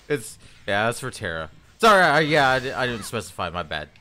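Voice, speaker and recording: Lively rambling male game streamer. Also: mid-range voice, brisk, slight background noise. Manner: rambling, hesitant, chatty with viewers. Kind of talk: casual live-stream chat.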